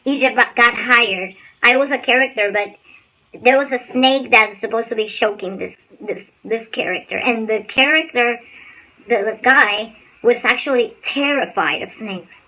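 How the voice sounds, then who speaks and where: Bright, high-voiced woman telling stories. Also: normal speed, a little hiss or hum, poor audio. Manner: animated storyteller, blunt and swears casually. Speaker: spiritual insights channel host. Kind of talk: casual motivational talk on a livestream.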